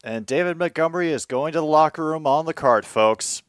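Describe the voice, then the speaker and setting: A man hosting casual live commentary on a football game, moving from dry asides to excited outbursts. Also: fairly high pitch, brisk, smooth, dry recording.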